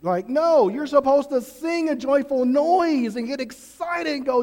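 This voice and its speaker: A pastor preaching a sermon in an energetic, conversational, emphatic way. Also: male voice, very high-pitched, normal speed, few pauses.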